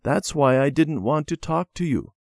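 A man's voice: a little high, expressive, moderate pace, gravelly, no echo, clean studio sound, pitched above the performer's own voice. A man voicing a young girl who is timid and pleading in a children's storybook reading. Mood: contrite. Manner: pleading, tearful.

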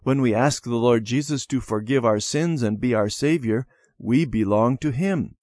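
A man doing a gentle old grandmother. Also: mid-range voice, moderate pace, no echo, clean studio sound, lightly acted. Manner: gentle, soothing storytelling. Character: kind old grandmother telling a bedtime story.

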